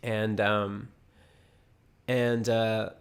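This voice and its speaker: A young man from the United States tells a personal story in a loose, rambling way. He fills the gaps with ums and likes and keeps restarting his sentences. His voice sits a little low. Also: little pitch movement, drawn-out words, clear, resonant tone. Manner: rambling with many fillers and restarts. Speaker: vlogger. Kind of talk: casual storytelling.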